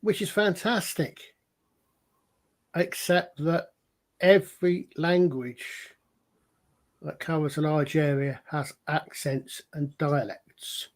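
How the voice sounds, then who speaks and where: Speaking slowly with long pauses, a man whose voice is somewhat high talks in a relaxed, chatty manner as a podcast co-host. In casual conversation he rambles through lengthy explanations, circling back and starting his points over.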